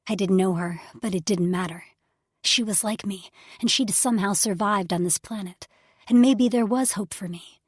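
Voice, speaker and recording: Female audiobook narrator, husky and breathy, emotional first-person reading. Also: mid-range voice, normal speed, no room sound, studio quality. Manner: emotional first-person storytelling, drops to whispers. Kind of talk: scripted narration.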